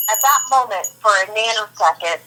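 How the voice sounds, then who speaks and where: A woman's voice: medium pitch, a little fast, music in the background, poor audio. A woman guest chatting on a live stream, wry and sarcastic as she mimics people. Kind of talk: casual chat.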